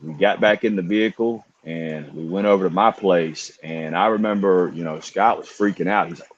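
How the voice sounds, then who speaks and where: A man's voice: low-pitched, moderate pace, few pauses, muffled recording, a little hiss or hum. A middle-aged man from Virginia, co-hosting a podcast as a coach, telling a rambling story in an easygoing way full of "you know" and "man.". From Virginia, USA. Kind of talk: casual storytelling chat. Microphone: remote livestream call.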